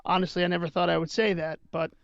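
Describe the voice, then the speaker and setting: A man co-hosting a fantasy football show, talking loosely and chattily. His voice is high and gravelly, and the sound is dry and dull. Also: little pitch movement, rapid-fire, no room sound. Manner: loose, chatty, filler-heavy. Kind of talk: casual sports chat.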